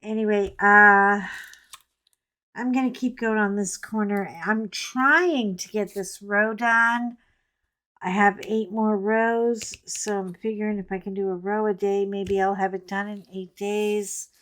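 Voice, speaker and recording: A middle-aged woman talks to her viewers at an unhurried, drawn-out pace while she works on a coloring page. She rambles from story to story with a joking aside here and there. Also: mid-range voice, fairly even intonation, fairly bright tone. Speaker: coloring vlogger. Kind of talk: casual chat while coloring.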